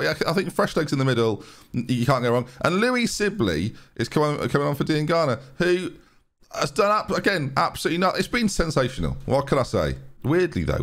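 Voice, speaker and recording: A young man giving sarcastic, rambling commentary over a football management game, with frequent restarts. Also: mid-range voice. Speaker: gaming YouTuber.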